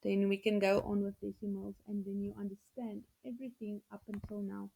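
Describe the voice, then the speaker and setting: A woman's voice: medium pitch, little pitch movement, gravelly, dark tone, husky. Woman teaching a video lesson. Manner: patient, explanatory, repeats numbers slowly for students.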